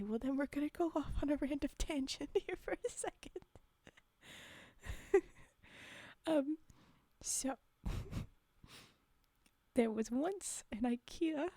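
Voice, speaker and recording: A woman's voice: high voice, mellow, no echo. A young woman streaming live, chatting casually and rambling with frequent giggles.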